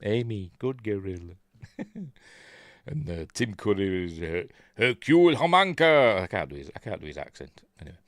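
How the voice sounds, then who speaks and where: Chatty older Yorkshire man, low dry voice. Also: sing-song, moderate pace, dry recording. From Yorkshire, England. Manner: rambling, chuckling, reads chat comments. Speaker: host. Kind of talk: casual live-stream chat.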